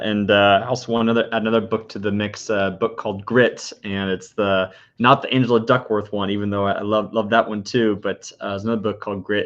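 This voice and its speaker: Low-voiced podcast host on muffled audio. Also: male voice. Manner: friendly, stammering restarts, quick laughs. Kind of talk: casual interview.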